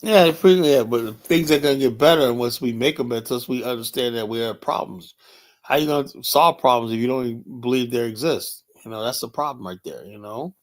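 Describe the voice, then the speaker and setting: A man's voice: mid-range voice, fairly quick. Blunt, rambling older man. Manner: rambling, blunt, profane, many "you know" fillers. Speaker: livestream host. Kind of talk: casual livestream talk reading chat.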